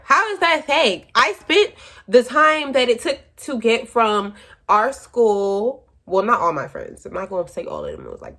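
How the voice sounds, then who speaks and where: A woman's voice: mid-range voice, big pitch swings, normal speed, fairly bright tone. A young woman telling a casual storytime to her viewers, chatty and dramatic, full of "like" and "y'all.". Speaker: vlogger. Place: room with her sister asleep behind her.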